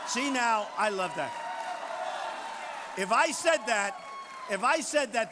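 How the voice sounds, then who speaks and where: A man in his sixties giving a campaign rally speech, boastful and repetitive, riffing off the crowd. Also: high voice. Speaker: political candidate. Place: large rally venue. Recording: long hall reverb, faint crowd noise.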